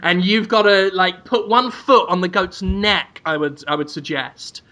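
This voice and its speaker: A man's voice: high-pitched, measured pace, bright, forceful tone. A man co-hosting a comedy podcast, rambling through absurd, crude scenarios. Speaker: podcast co-host.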